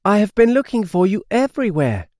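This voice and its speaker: A bright, cheerful female dog from a children's storybook, voiced by a man. She sounds high and lively, eager in her greetings. Slow, clear delivery in a dry close recording. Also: dry recording. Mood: relieved.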